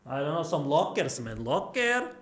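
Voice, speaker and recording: A man's voice: a little high, big pitch swings, moderate pace, a bit bright, a little hiss or hum. A male streamer reacting to a horror game, crude and panicky, swearing and yelping at every scare.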